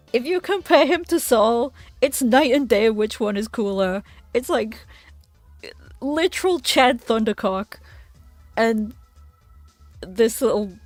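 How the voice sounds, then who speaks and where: A young woman streamer in casual chat while playing, giggly and animated, swearing freely. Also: a little high.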